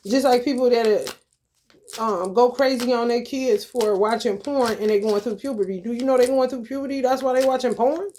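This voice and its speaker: A woman's voice: fairly high pitch, fairly even intonation, brisk, mellow, a little hiss or hum. A woman tarot reader giving casual advice in a blunt, rambling, profane way, calling her listeners honey.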